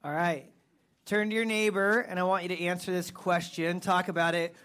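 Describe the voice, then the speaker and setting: A man with a notably high speaking voice, working as a youth pastor who keeps things loose and chatty. He throws questions to the group and answers them in an easy, conversational way. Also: moderate pace. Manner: relaxed, conversational, quizzes listeners. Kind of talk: casual talk to a youth group.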